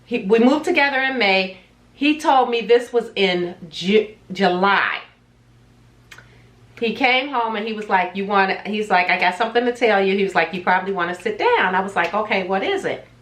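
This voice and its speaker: A woman's voice: mid-range voice, lively intonation, normal speed, fairly bright tone, roomy sound. A woman casually telling viewers a personal story in a chatty, dramatic way, acting out what was said. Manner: chatty, dramatic retelling with quoted voices. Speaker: vlogger telling her own story.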